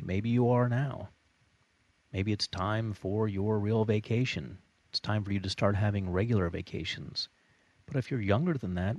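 A man's voice: lowish voice, a little mellow, no room sound. A man teaching a recorded online course lesson with an emphatic, repetitive, motivational delivery. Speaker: course instructor.

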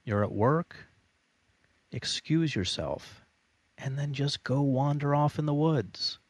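A man's voice: fairly high pitch, expressive, slow pace, dry recording. A man teaching a recorded online course lesson with an emphatic, repetitive, motivational delivery. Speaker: course instructor.

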